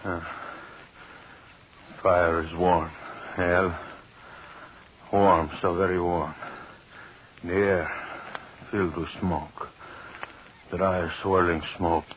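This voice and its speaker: Casting: very low, slow-talking jealous husband, menacing and cruel, old radio sound. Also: male voice, level tone. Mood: gloating. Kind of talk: 1930s radio drama acting. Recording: dull old radio recording with faint hiss.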